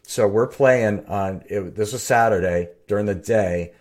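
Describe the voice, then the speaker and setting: Man, very low voice, middle-aged, casual podcast chat, rambling restarts. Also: measured pace, darkish tone. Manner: rambling, self-interrupting storyteller. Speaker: podcast co-host and bassist.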